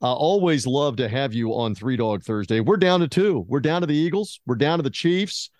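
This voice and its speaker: A laid-back man hosting a sports podcast, his voice sitting at an ordinary middle pitch. The recording is dry and close. He asks long, rambling questions with an easygoing, joking manner. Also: animated, moderate pace, darkish tone, no echo. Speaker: podcast host. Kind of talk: casual podcast interview.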